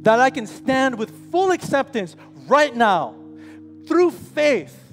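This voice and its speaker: A man's voice: very high voice, big pitch swings, takes it slowly, a bit bright. A man in his forties preaching an impassioned, emphatic sermon in a church, often calling his listeners friends. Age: 40s. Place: church sanctuary. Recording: church hall reverb, faint music.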